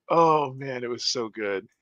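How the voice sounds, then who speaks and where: A man telling a funny story on a podcast in a casual, animated way, laughing and acting out the people in it. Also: medium pitch, muffled recording. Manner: animated, laughing, acts out voices. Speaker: podcast co-host.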